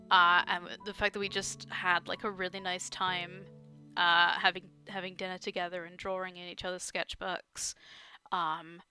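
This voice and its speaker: Bright-voiced gushing woman. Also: on the low side. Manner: rambling, gushing, laughs often, many fillers. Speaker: artist streamer. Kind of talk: casual chat while drawing on stream.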